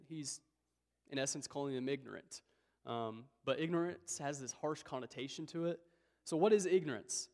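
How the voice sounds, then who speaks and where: A man preaching a sermon as a pastor, earnest and building to emphatic appeals, then dropping low for somber points. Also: a little mellow. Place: church hall. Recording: long hall reverb.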